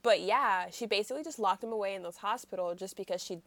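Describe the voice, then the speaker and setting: A woman co-hosting a casual podcast. She recaps a drama in an animated storytelling way and uses "like" constantly. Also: mid-range voice, fast talker, no room sound. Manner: animated storyteller, heavy use of 'like'. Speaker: podcast co-host.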